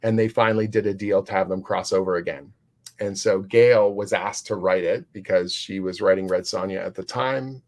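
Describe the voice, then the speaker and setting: Comic writer guy on a chat, kinda low voice, rambles excitedly, lots of um and like. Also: normal speed. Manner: rambling, enthusiastic, many fillers and restarts. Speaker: comic book writer, guest. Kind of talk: casual interview storytelling.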